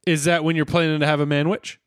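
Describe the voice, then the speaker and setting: A man co-hosting a podcast, recapping an episode in playful, animated chat. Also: fairly high pitch, clean tone, dry recording, studio quality. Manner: animated, playful, quick to laugh. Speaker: podcast co-host.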